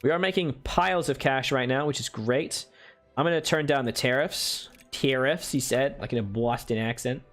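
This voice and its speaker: A man's voice: medium pitch, a little fast, faint music behind. A man giving casual commentary as he plays a strategy game on a stream, explaining his moves, answering viewer chat and tossing in playful asides.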